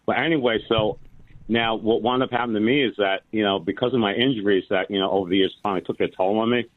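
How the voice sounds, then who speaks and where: A man's voice: on the low side, quick pace, dry recording. A man in his sixties calling in to a radio talk show, telling a long, rambling story with many restarts. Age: 60s. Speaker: caller. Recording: phone line.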